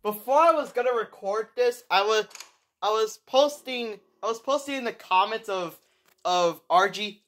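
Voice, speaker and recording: A young woman giving excited commentary over her gameplay, full of exclamations, repeats and restarts. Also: on the high side, moderate pace. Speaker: gaming video creator.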